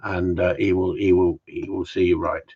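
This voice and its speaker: A jokey man chatting live from home, his voice low and a little husky. He rambles between stories and viewer questions with cheerful mild swearing, and the sound is slightly dull and lo-fi. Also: flat delivery, moderate pace, darkish tone. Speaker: gundog trainer hosting a live Q&A stream. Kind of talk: casual live-stream chat.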